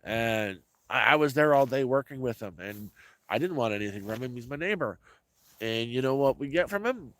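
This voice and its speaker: Speaking at a moderate pace, this man has a medium-pitched, animated and slightly bright voice. He's a vlogger on a cold off-grid homestead in the countryside, talking loosely to viewers and often starting over or saying things twice.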